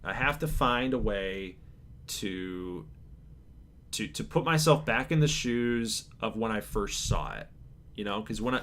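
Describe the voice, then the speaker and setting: A man hosting his channel, reading out viewer survey answers in a laid-back, chill way, calling his own voice monotone and chuckling now and then. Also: on the low side. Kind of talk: casual chat to camera.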